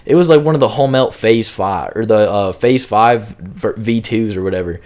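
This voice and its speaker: A man's voice: lowish voice, moderate pace, a little mellow. A young man casually telling a long, rambling storytime, full of slang and filler words. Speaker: storytime YouTuber.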